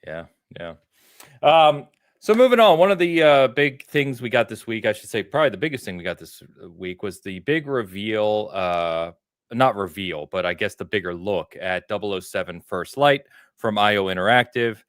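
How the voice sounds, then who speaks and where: Low-voiced American podcast host. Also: male voice, normal speed, clear, resonant tone, no echo, studio quality. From United States. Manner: relaxed, rambling storyteller with filler words. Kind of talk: casual podcast chat.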